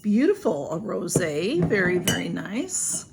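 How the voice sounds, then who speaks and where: A woman's voice: on the low side, big pitch swings, measured pace, gravelly, very noisy. A woman, chatting casually through an unboxing with lots of ums and restarts. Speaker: vlogger. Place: home room with a ring light.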